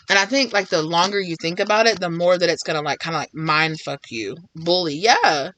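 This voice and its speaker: A woman's voice: low voice, a little fast, few pauses, fairly bright tone, slight background noise. A woman giving a casual tarot reading to her viewers, rambling with lots of fillers and acting out imagined conversations. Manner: rambling, filler-heavy, acts out imagined dialogue. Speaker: tarot reader.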